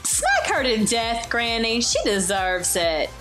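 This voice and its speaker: A young woman giving excitable, jokey Let's Play commentary as a gaming YouTuber, often exclaiming and shrieking. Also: on the high side, takes it slowly. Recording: faint game music behind.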